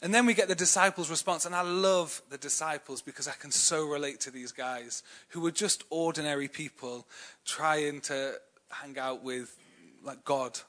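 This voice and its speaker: A man's voice: fairly high pitch, fairly even intonation, moderate pace, a bit bright. A young English man preaching a sermon in a chatty, self-deprecating way, telling personal stories with many fillers. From England.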